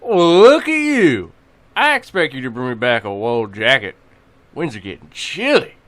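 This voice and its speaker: A man voicing a friendly, joking male neighbor in a storybook reading, in a drawn-out, teasing high voice. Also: sing-song, fairly bright tone, no room sound.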